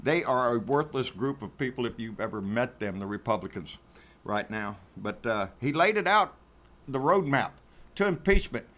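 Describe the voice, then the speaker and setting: A man's voice: medium pitch, expressive, normal speed, fairly bright tone. A man hosting a casual political commentary rant, talking in a sarcastic, profane way and repeating himself for emphasis.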